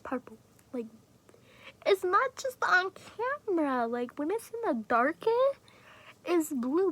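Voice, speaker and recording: A woman with a high voice talks loosely to her camera while showing off her fidget toys. She rambles, swears freely and often sinks to a soft whisper mid-sentence. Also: very animated, takes it slowly, long pauses. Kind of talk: casual chat to camera.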